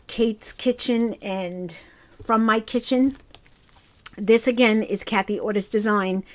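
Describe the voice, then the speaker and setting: A woman with a Brooklyn accent chatting enthusiastically as she shows her craft projects, rambling with a few restarts. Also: on the high side. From Brooklyn, New York. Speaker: crafting channel host. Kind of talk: casual crafting show-and-tell.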